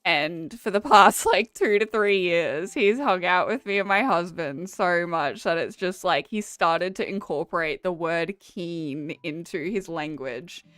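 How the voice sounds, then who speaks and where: A woman's voice: lowish voice, a little slow, hardly any pauses, fairly bright tone, dry recording. A young Australian woman chatting casually with her viewers while playing a game, laughing often and swearing freely. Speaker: streamer. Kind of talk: casual chat while gaming.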